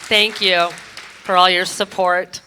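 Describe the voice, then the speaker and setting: A woman's voice: on the low side, level tone, takes it slowly, pushed and bright, clear, resonant tone, a faint crowd. A woman serving as board president, graciously introducing the new board one by one on a handheld microphone. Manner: gracious, names people one by one.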